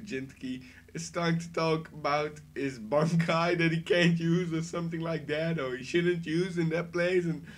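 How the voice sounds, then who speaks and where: A man talks through a review in a loose, rambling way, full of excitement and quick bursts of laughter. His voice sits a little on the high side for a man. The delivery is unscripted and chatty. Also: a little hiss or hum. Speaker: anime reviewer. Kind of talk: casual spoken review.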